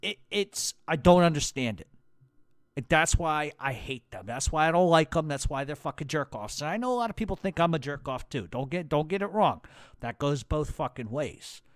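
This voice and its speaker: Ny guy going off on a profane rant, kinda high voice, dry close sound, combative. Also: lively intonation, normal speed, dry recording. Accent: New York. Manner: heated, swears constantly, blunt and combative. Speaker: podcast host.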